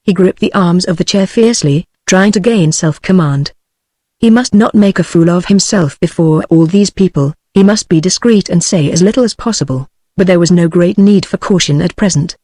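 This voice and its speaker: A woman's voice: lowish voice, dry recording. Synthetic British woman reading a novel. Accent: British English. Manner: even, measured synthetic reading. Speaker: audiobook narrator. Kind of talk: text-to-speech book reading.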